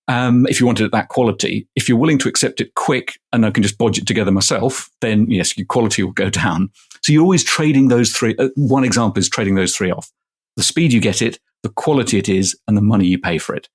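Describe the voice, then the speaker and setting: A man's voice: lowish voice, quick pace, breathy edge. A middle-aged man, a professor, answering interview questions casually and explaining step by step with everyday examples. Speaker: guest, manufacturing professor.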